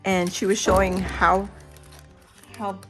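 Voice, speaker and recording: A middle-aged woman vlogger chatting casually and excitedly as she unboxes a birthday gift, gasping and laughing. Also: mid-range voice, takes it slowly, soft background music. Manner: excited and giddy, many gasps and laughs. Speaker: crafting vlogger.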